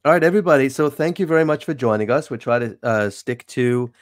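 Chatty New York host, dry sound. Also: male voice, mid-range voice, quick pace, no echo. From New York City. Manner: chatty, wry, animated sign-offs. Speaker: show host. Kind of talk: casual interview chat.

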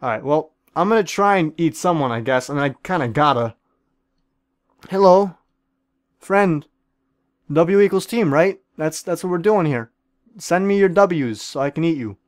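Doing a goofy celebrity-chef bit, this man rattles off excited, foul-mouthed game commentary aimed directly at his fellow players, in a fairly high voice. He talks at a normal speed and pauses often, and the dry recording has no echo.

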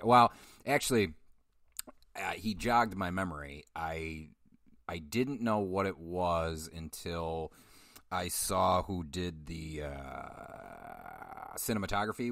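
A man's voice: low-pitched, fairly bright tone, dry recording, studio quality. A man hosting a film podcast, chatting casually in a rambling, profane way and often correcting himself. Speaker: podcast host. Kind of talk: casual film review chat.

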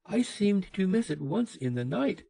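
A man playing an anxious, earnest young man, speaking a little higher than his usual voice. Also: very animated, a little slow, vocal fry, mellow, breathy edge, no echo, full character voice. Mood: anxious hopeful.

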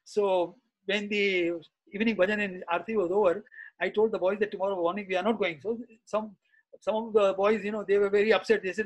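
A man's voice: high voice, flat delivery, fairly quick, rough recording. A middle-aged man, an interview guest, recounting anecdotes in a chatty, reminiscing way, full of "you see" and "uh". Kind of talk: anecdotal storytelling in conversation.

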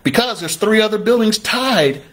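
His voice sits high and moves at a moderate pace as he teaches real estate investing over a livestream. He's energetic, repeats points in call-and-response fashion, and occasionally plays out his viewers' questions himself.

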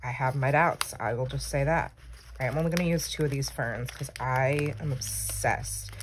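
Chatty low-voiced woman vlogger. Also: moderate pace, a little hiss or hum. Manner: chatty, rambling, self-teasing. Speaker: planner vlogger. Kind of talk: casual chat while crafting.

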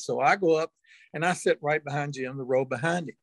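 A man's voice: fairly high pitch, steady tone, fairly quick, vocal fry, no room sound. Older man telling a folksy story. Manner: chuckling, folksy anecdotal storyteller. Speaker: interview guest. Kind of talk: storytelling in an interview.

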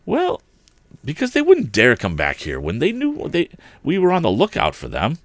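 A man reading a storybook aloud, voicing an earnest young male inventor in a raised, excited voice. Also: normal speed, no echo. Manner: excited, pitched well above the reader's own voice.

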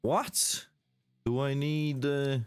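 A man's voice: medium pitch, little pitch movement, drawn-out words, smooth, soft background music. A man, chatting casually with viewers while streaming a shooter game, exclaiming and laughing. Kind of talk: casual live-stream gaming chat.

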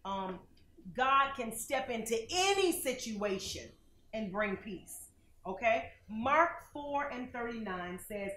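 A fairly high-voiced woman preaching with dramatic swings between loud bursts and hushed lines. She quizzes her listener as she goes. The room is echoey, with faint noise behind her. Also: animated, takes it slowly. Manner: dramatic, swings loud and soft, asks questions. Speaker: minister hosting a TV broadcast. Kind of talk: preaching sermon with call-and-response.

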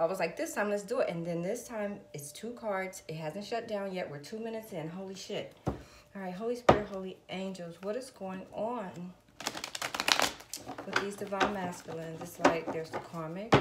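Lowish-voiced woman doing a tarot reading into her phone, chatty, swears a lot, echoey room. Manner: talks to viewers as "guys", swears freely, calls on spirit. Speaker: tarot reader. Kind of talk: casual tarot reading with prayers. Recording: echoey room with loud noise.

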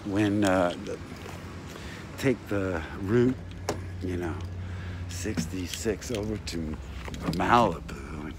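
Low-voiced guy vlogging off his phone outside, jumpy up-and-down talk, loud street noise behind. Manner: animated, rambling, swings between loud and muttering. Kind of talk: rambling casual vlog. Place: outdoors at a food stand. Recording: noisy street ambience.

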